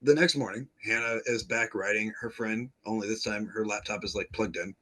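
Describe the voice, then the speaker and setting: A man's voice: on the low side, steady tone, brisk, a bit bright. A male podcast host chattily recapping an episode, laughing often and acting out the characters' lines.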